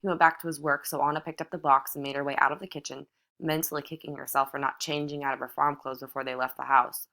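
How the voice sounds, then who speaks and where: Woman, audiobook narration, low voice, measured reading. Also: little pitch movement, sharp tone. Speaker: audiobook reader. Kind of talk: novel narration read aloud.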